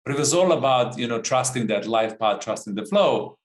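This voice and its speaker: A man's voice: medium pitch, expressive, normal speed, echoey room, rough recording. A man who works as a coach, talking earnestly about a personal experience in a reflective conversation. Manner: earnest, searching, repeats phrases for emphasis.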